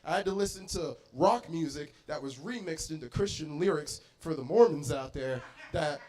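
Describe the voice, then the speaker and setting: A young adult man from Arizona doing an animated stand-up comedy set in a bar, with loud bursts and acted-out voices. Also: fairly high pitch, moderate pace.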